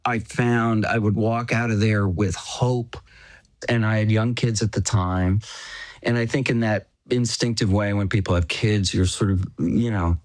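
Slow, halting middle-aged man. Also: on the low side, fairly even intonation, no room sound. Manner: halting and reflective, full of "you know" fillers and restarts; chuckles as he talks. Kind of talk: casual personal storytelling.

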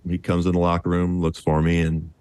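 Man in his fifties, ex-athlete guest; deep, dry voice, easygoing and chuckling. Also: fast talker, smooth, dry recording. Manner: relaxed, chuckling storyteller. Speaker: former pro basketball player, interview guest. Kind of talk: casual storytelling interview.

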